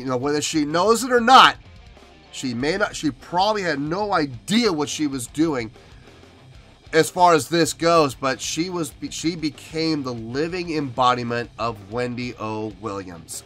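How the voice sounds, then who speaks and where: A man's voice: medium pitch, unhurried, pushed and bright. A man hosting a music reaction video, talking earnestly and with emotion in a casual commentary style.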